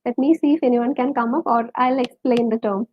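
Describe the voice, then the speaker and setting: A woman's voice: a little high, steady tone, fairly quick, lo-fi sound. A woman with a Malayali accent teaching a live online English lesson, quizzing viewers and reading out their names and answers.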